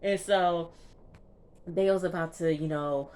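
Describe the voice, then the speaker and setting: A woman's voice: on the low side, steady tone, a little mellow, a little hiss or hum. Chatty slangy woman recapping a show. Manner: slangy, chatty retelling with quick asides. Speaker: TV show reviewer. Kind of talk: casual episode recap.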